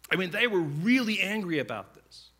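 A man's voice: high-pitched, breathy edge. A man preaching a sermon, telling stories in a conversational way and acting out the voices of the people in them. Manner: conversational, animated storytelling with quick asides; acts out quoted voices. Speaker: pastor.

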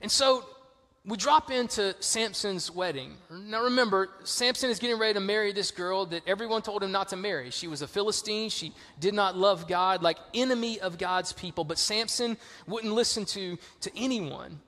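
Bright-voiced Southern pastor preaching. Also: male voice, high-pitched, moderate pace, in a large hall. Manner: storytelling, casual and lively. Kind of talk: sermon.

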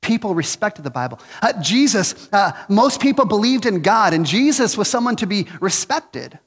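A man's voice: sits high, big pitch swings, normal speed, slightly rough, long reverb tail. A man in his forties preaching a conversational sermon, earnest with jokes and frequent restarts.

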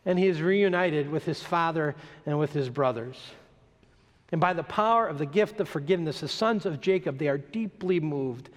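A man preaching a sermon, dropping his voice low on slow, emphatic lists and rising sharply as he presses each point. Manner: dramatic rises and drops, slow emphatic lists. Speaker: pastor. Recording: long hall reverb.

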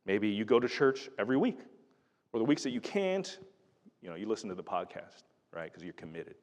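A man's voice: lowish voice, sing-song, a little fast, a little mellow. A middle-aged man preaching a sermon in an earnest, conversational way, often restarting his sentences. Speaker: pastor. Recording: reverberant hall.

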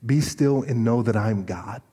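A man pastor preaching a sermon, animated and storytelling, often restarting his sentences. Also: medium pitch, a little slow, breathy edge. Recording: long reverb of a large hall.

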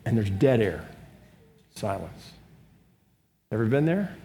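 A man's voice: fairly low pitch, big pitch swings, slow pace, mellow. A man preaching a sermon as pastor, in a conversational way, putting rhetorical questions to his congregation. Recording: long reverb of a large room.

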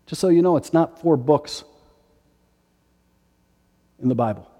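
A man's voice: a little high, measured pace, dark tone, big-room sound. A man in his forties preaching a sermon as a pastor, emphatic and repeating his key phrases. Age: 40s.

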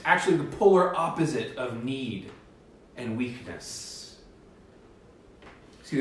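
A man's voice: medium pitch, slight background noise. Man preaching in an echoey hall. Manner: earnest, emphatic preaching with rising bursts. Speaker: pastor. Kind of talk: sermon. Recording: echoey hall, distant mic.

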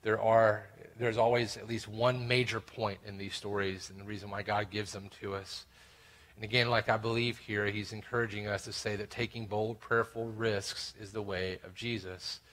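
A man's voice: fairly low pitch, little pitch movement, normal speed, a bit bright. A man preaching to a congregation as pastor, reading scripture aloud and explaining it with earnest, emphatic stress. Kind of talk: expository sermon.

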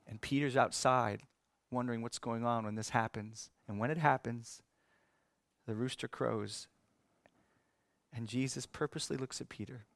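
A male preacher delivers a sermon with earnest conviction, moving between emphatic pushes and hushed, quiet stretches. His voice sits at a middle pitch. The recording is close and dry. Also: dry recording.

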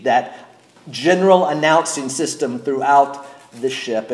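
A middle-aged man preaching a sermon as pastor, speaking deliberately and asking his congregation questions. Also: mid-range voice, darkish tone, roomy sound.

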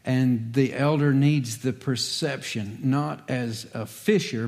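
A man's voice: mid-range voice, unhurried, few pauses, darkish tone. A man, a pastor, giving a conversational sermon with folksy asides and light humor.

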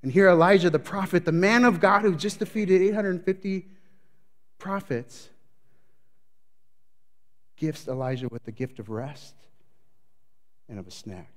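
A male pastor preaching a sermon, telling a scripture story dramatically, building his voice up and dropping it low. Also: lively intonation, unhurried, pauses often. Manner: dramatic storytelling, voicing the prophet's panic; varies loudness widely, building up then dropping low.

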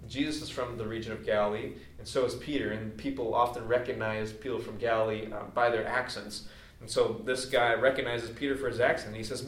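A pastor preaching a sermon in a conversational, explaining way, with casual asides to the congregation. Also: male voice, medium pitch, a little fast, fairly bright tone. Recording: echoey hall, distant mic.

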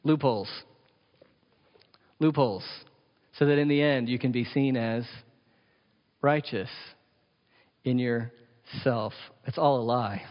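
A man's voice: medium pitch, takes it slowly, long pauses. Man preaching in an echoey hall. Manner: emphatic, rhetorical questions; playful, jokey asides. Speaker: pastor. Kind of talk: sermon. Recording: echoey hall, dull lo-fi sound.

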